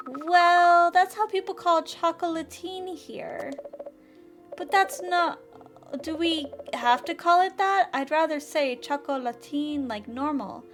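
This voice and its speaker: A woman's voice: very high voice, slow pace, voice pushed up. A woman voicing a cheerful, eager young witch who runs a bakery, over game music. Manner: bubbly, eager.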